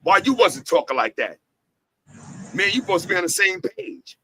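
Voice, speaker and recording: A man who leads an entertainment company hosts its talk show at normal speed, his high, sharp voice very animated. He preaches profanely and with fervor, repeating lines and asking rhetorical questions to drive points home, captured in a rough recording with slight background noise.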